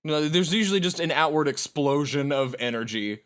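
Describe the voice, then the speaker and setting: A man co-hosting a casual podcast, firing off dry, teasing quips. His voice sits a little high and swings widely in pitch. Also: expressive, moderate pace, a bit bright. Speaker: podcast co-host. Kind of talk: casual chat.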